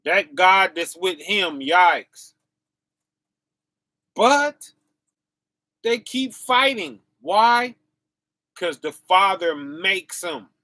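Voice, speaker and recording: Bright-voiced man preaching a loose, slangy sermon. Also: high-pitched, animated, extremely slow, long pauses, dry recording. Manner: casual slang, repetitive "right?" and "y'all"; laughs to himself, dips quiet then bursts loud. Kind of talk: informal sermon.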